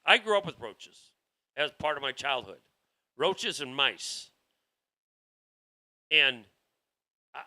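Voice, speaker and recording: A man's voice: fairly high pitch, bright, forceful tone. A man hosting a political talk show, delivering a rambling, heated monologue with frequent restarts. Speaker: show host.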